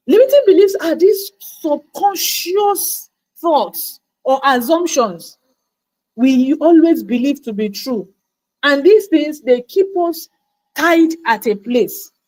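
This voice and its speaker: A woman's voice: sits high, poor audio. A woman giving an emphatic motivational talk as a coach on a livestream, repeating words for stress. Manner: emphatic, repeats words, acts out quoted doubts. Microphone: livestream mic.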